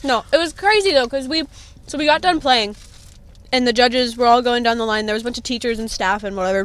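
A woman's voice: on the high side, quick pace. A young woman in a band, telling stories and laughing in a casual group interview. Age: young adult. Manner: storytelling, laughing. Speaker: band member.

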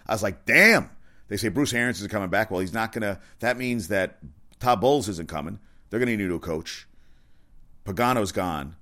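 A man giving a casual, rambling sports rant, excitable and profane, often correcting himself. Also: on the low side, fairly quick. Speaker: sports commentator.

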